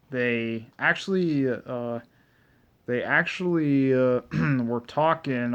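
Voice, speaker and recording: Casual male reviewer, rambling recap, keeps clearing his throat, dull lo-fi sound. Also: medium pitch. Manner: rambling, frequent throat clearing, heavy fillers and cursing. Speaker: anime reviewer. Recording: dull lo-fi recording.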